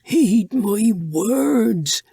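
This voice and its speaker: A man's voice: high-pitched, lively intonation, creaky, mellow, husky, no echo, voice pushed up, heavily acted. Man voicing a dying old blind rat. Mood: urgent. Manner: slow, strained, urgent. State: weak, breathless, coughing.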